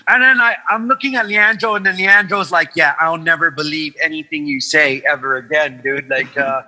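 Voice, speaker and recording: A man from Guam, a podcast guest, telling animated stories in casual chat, swearing freely and acting out the voices of people he quotes. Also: on the high side, moderate pace, long reverb tail, rough recording.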